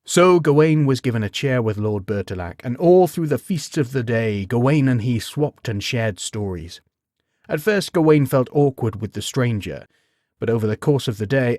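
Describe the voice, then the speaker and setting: A man narrating a bedtime story in an expressive, measured storytelling manner with wry humor. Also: medium pitch, no echo, clean studio sound.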